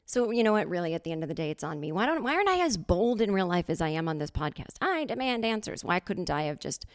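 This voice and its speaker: A woman hosting a podcast, telling a comic story in a sarcastic, animated way and acting out other people's lines. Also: lowish voice, fast. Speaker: podcast host. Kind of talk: comedic storytelling monologue.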